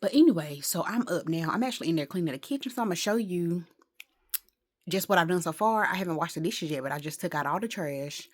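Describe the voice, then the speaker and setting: A woman's voice: fairly low pitch, animated, quick pace. Chatty woman vlogging at home. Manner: chatty, rambling, exasperated asides. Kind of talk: casual day-in-the-life vlog.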